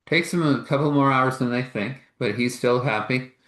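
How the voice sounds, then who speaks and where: A man's voice: mid-range voice, normal speed, fairly bright tone, roomy sound. A man telling a meandering improvised story, with laughs and restarts.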